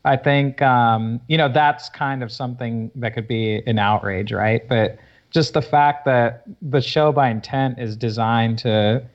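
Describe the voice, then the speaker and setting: A man co-hosting a podcast, talking in a measured, hedging way with many fillers. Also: medium pitch, lo-fi sound. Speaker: podcast co-host. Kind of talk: casual chat.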